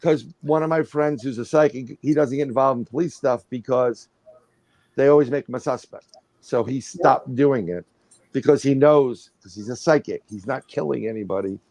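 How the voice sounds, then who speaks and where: Middle-aged male guest, gravelly tone, tells an animated, rambling anecdote. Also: mid-range voice, normal speed, no room sound. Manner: rambling, animated storytelling with restarts and acted-out quotes. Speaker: guest, paranormal researcher. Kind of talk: casual storytelling on a livestream.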